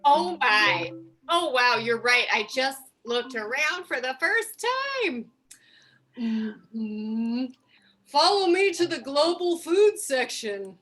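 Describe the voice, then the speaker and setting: Giggly female improviser, very high and unhurried, bright tone. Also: expressive, soft background music. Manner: giggly, sweetly chatty. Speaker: improv player. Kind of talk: improv comedy scene. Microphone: video call.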